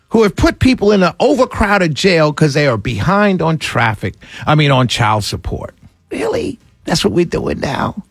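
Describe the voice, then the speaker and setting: Man, radio talk host, fired-up sarcastic rant, swinging pitch, dry booth sound. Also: breathy edge, no echo. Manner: impassioned, ranting, sarcastic, laughs between points. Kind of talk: opinionated radio monologue.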